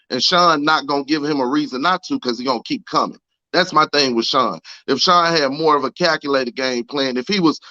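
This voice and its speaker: Bright-voiced man, emphatic and profane. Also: a little high, muffled recording. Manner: emphatic, profane, slangy, confident. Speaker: panel guest. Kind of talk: casual online panel chat.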